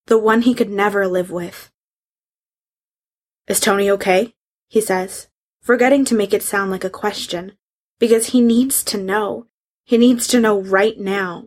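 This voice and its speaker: A woman reading a fan fiction story aloud, in a hushed and emotional storytelling manner. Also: medium pitch. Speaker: reader.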